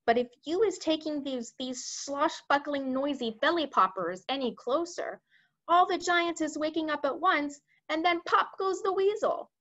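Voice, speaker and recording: A woman voicing a big, gentle old giant who mangles his words and grammar. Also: high voice, normal speed, dull audio, voice pushed up. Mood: hushed warning.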